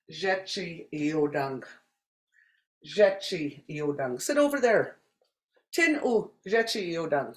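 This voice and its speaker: A language teacher from Saskatchewan, Canada, giving a spoken lesson and repeating each word slowly and deliberately. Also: mid-range voice, roomy sound.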